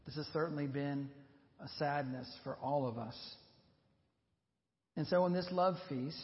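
A male pastor delivers an earnest sermon with a somewhat high voice, pausing slowly to press his points home. The sound is dull and lo-fi, and a long reverb trails from the church hall around him. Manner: earnest, measured preaching with slow emphatic pauses.

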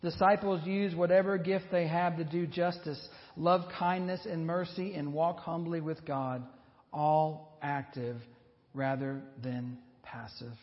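A male pastor delivers an earnest sermon with a somewhat high voice, pausing slowly to press his points home. The sound is dull and lo-fi, and a long reverb trails from the church hall around him. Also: flat delivery. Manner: earnest, measured preaching with slow emphatic pauses.

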